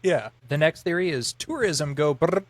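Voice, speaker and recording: A man's voice: on the high side, lively intonation, normal speed, no room sound. A man co-hosting a podcast in casual chat, rambling through explanations with lots of filler words. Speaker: podcast co-host.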